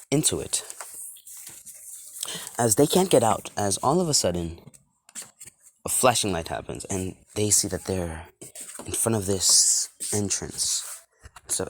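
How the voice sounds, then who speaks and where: A man casually narrating an improvised fan story, rambling and swearing now and then. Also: sits low.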